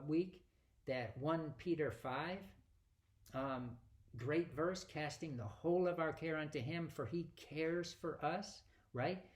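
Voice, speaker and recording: A man giving a conversational Bible teaching, asking rhetorical questions and acting out quoted dialogue. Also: fairly high pitch.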